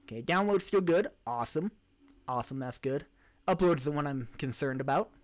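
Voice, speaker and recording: A man's voice: fairly high pitch, fairly quick. A man hosting a casual live-stream Q&A, reading questions from chat and answering in a rambling way, restarting and correcting himself as he talks. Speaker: podcast host and live streamer. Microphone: streaming desk mic.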